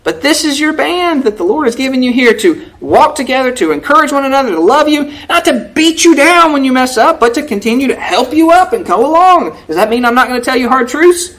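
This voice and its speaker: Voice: sits high, expressive, a little fast, few pauses, a bit bright. Folksy preacher checking in with listeners. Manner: folksy, keeps asking "right?" to check in with listeners; acts out quoted prayers and remarks in a raised voice. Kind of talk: conversational sermon.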